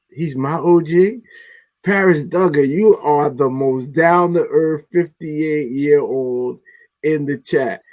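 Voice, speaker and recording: A man in his fifties giving hyped shout-outs in a casual podcast chat. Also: fairly high pitch. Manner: hyped, shout-out style, quick bursts.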